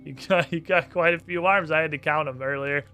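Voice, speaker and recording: Man streamer, crude and chatty, bright tone, slightly high voice. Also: brisk, faint music behind. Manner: brash and profane, thinking aloud. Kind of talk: live gameplay commentary.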